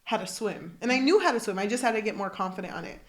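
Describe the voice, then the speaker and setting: A young woman co-hosting a book podcast, telling stories in a casual, animated way and laughing often. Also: medium pitch, fast. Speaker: podcast co-host. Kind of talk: casual chat.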